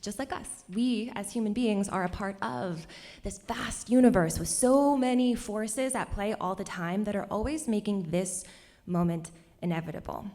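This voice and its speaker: A young woman telling a personal story on stage at a cultural center, animated and laughing often between lines. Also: mid-range voice, moderate pace.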